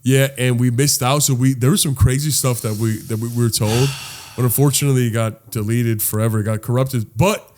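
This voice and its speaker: A man co-hosting a podcast, telling a story in casual chat, animated and laughing, swearing freely. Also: mid-range voice, fairly quick, slight background noise. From Los Angeles. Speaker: podcast co-host.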